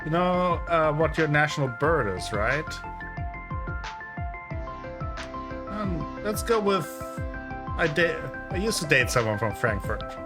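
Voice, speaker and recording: A man's voice: fairly high pitch, very animated, unhurried. A man reading a weary, wry cab driver. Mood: awkward. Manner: wry, reflective inner monologue. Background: game music.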